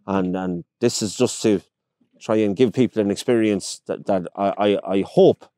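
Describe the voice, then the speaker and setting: An Irish pike fishing guide from County Longford chats casually in an interview outdoors on a boat, telling stories and acting out the people he quotes. He has a fairly low, warm voice at a moderate pace, recorded dry with studio quality.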